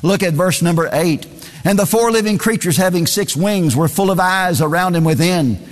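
A man's voice: high voice, normal speed, in a large hall. A man preaching a sermon, reading scripture aloud in a singsong cadence and repeating phrases for emphasis.

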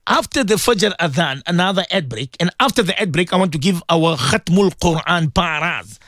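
A man hosting an early-morning devotional radio show, his voice sitting high for a man. He preaches with fervour and repeats himself, climbing into excited exclamations and then sinking low and hushed. The studio sound is dry and close, with no room around it. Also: moderate pace, no echo. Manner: fervent, repetitive, preacher-like, swings between high exclaiming and low hushed tones. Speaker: radio host.

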